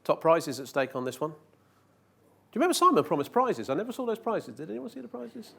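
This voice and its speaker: High-voiced man presenting jokingly. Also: big pitch swings, fast talker, vocal fry, husky. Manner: jokey, teasing audience with rhetorical questions. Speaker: conference speaker. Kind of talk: live conference presentation. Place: conference hall.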